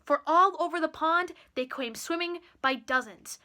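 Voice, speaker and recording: A teenage girl reading a children's picture book aloud with slow, expressive delivery. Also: high-pitched. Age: teens. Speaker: storyteller.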